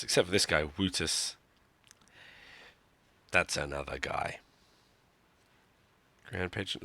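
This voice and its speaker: Man, game streamer, live commentary, wry and joking, very low voice, bright dry sound. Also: creaky, dry recording. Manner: wry, joking, self-mocking. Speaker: gaming streamer.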